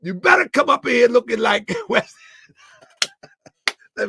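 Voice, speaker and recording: Loud high-pitched man teasing on stream. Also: big pitch swings, unhurried, vocal fry, long pauses, background noise. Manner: loud, laughing, teasing, repeats himself. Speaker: livestream host. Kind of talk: live stream commentary.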